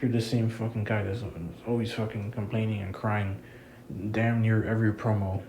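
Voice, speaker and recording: A man's voice: fairly low pitch, level tone, moderate pace, background noise. A man giving a casual, rambling wrestling review, frustrated and swearing freely. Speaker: wrestling commentator vlogger.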